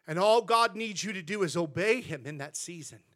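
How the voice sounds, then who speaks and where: Pastor guy with a really high voice, earnest storytelling sermon in church. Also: animated, normal speed, a bit bright.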